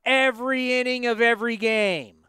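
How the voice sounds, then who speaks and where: A man in his fifties hosting a sports talk show, excitable and self-mocking as he tells stories. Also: very high voice, moderate pace, clear, resonant tone, no room sound, clean studio sound. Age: 50s. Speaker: sports radio host.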